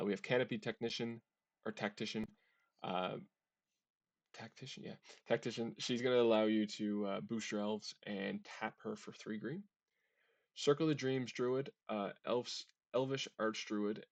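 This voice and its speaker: A man's voice: lowish voice, vocal fry, no room sound. A man hosting a casual card-game deck walkthrough, chatty and often tripping over card names. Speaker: deck tech host.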